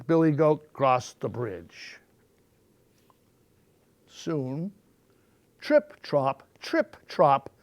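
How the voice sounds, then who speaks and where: Man, storytime reader, animated and expressive, slow unhurried reading, gravelly voice. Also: on the high side, no room sound. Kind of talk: reading picture books aloud.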